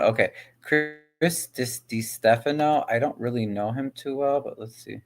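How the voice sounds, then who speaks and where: A man's voice: medium pitch, moderate pace, creaky, few pauses, soft background music. A man hosting a casual reaction vlog, muttering and thinking aloud as he browses clips. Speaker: host.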